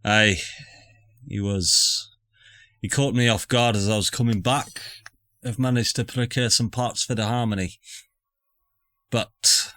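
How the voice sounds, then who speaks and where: A man's voice: medium pitch, fairly even intonation, a little slow, pauses often, sharp tone, no echo. A man voicing a Scottish-accented male NPC in a tabletop game, drawling and conspiratorial. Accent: Scottish, put on. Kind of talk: tabletop role-play character voice.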